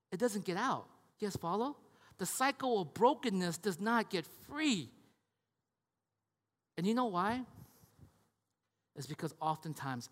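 High-voiced preacher in a reverberant hall. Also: male voice, fairly bright tone. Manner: conversational, repeats words and checks in with the audience. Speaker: pastor. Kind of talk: sermon.

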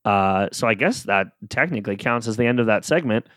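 A man's voice: lowish voice, animated, fairly quick, fairly bright tone, no echo, studio quality. A man hosting a solo podcast, talking casually and rambling with lots of fillers and self-amused asides. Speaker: podcast host.

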